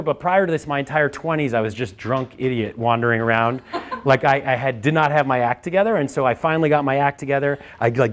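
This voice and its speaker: A man in his thirties, a founder giving a candid storytelling talk, animated and profane, his voice jumping up when he relives his frustration. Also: a little high, slight background noise.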